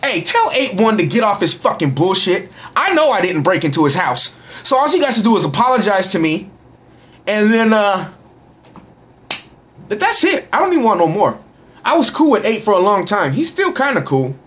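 A young man giving casual, boisterous shout-outs to followers in a profane, slangy way. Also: high-pitched, sing-song, normal speed. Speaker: vlogger reading social media shout-outs. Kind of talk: casual live shout-out chat.

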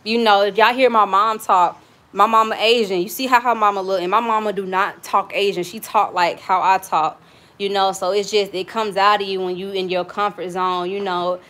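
While she cooks at home, a young Southern woman chats candidly and casually, trading stories and swearing freely for her cooking vlog. Her mid-range voice is a bit bright, with fairly even intonation and normal speed.

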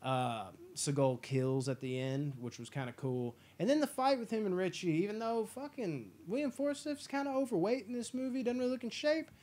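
A man hosting a casual movie review chat, enthusiastic and profane, acting out scenes in quick impressions. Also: sits high, a little mellow. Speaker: podcast host.

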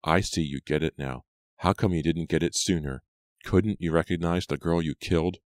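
A man's voice: sits low, moderate pace, dry recording, clean studio sound, close to an everyday voice. A man voicing a cold, taunting teenage girl.

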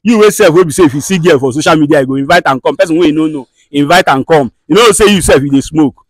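A man with a Nigerian accent who hosts a comedy skit, scolding and soothing people in fast, direct talk. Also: a little high, no room sound, clean studio sound. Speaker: skit host and mediator.

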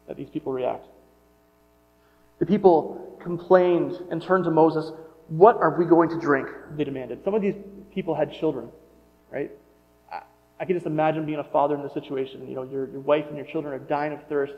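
A middle-aged man giving a sermon in a conversational way, often restarting and wondering aloud. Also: on the high side. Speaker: pastor. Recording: muffled sound with long hall reverb.

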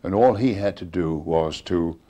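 A man's voice: sits low, a little slow. An older man in an interview, telling stories and acting out the dialogue of the people in them. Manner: animated storyteller acting out quoted dialogue. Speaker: interviewee recounting a preacher's ministry. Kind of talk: storytelling interview.

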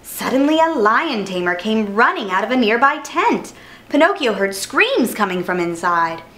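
A woman storyteller reading a children's picture book aloud in an expressive way. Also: a little high, moderate pace. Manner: expressive, animated.

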